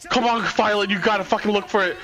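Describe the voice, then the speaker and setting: A man streaming a watch party, reacting to a live esports match with loud swearing, constant "dude," and yelling at big plays. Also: high voice, fairly even intonation, fast talker.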